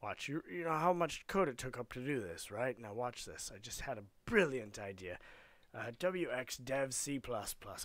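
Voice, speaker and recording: A man's voice: mid-range voice, very animated, moderate pace, a bit bright, dry recording. A man streaming a casual coding lesson, playful and rambling, slipping into silly voices as he works.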